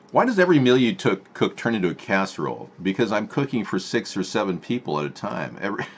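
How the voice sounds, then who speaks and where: A man's voice: on the low side, fairly bright tone. A man hosting a political live stream from home, rambling with sarcastic asides and answering chat.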